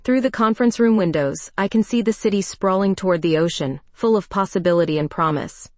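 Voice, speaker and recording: A woman narrating a first-person romance story in a calm, even storytelling voice. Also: mid-range voice, brisk, dry recording.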